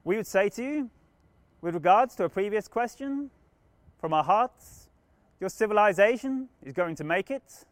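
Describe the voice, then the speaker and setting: A man's voice: sits high, animated, normal speed, no echo. A man channeling a benevolent alien collective, speaking in earnest, formal new-age pronouncements. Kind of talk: channeling session.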